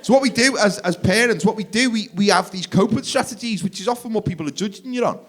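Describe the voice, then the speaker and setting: A man in his forties doing a stand-up comedy set, energetic, jumping to loud shouted punchlines. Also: sits high, fast. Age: 40s. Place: theatre stage, live audience.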